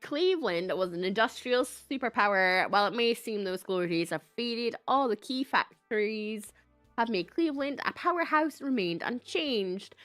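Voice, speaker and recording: A Scottish woman provides casual, chatty livestream commentary over a game, reading aloud and poking fun at herself while laughing often. Her voice sits a little high with a fairly bright tone, and there's no echo.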